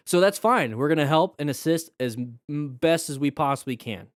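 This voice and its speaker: A man's voice: a little high, animated, moderate pace, dry recording, studio quality. Joking man hosting a live stream. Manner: chatty, joking, first-aid explainer. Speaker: live-stream host reviewing crash videos. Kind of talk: casual live-stream commentary.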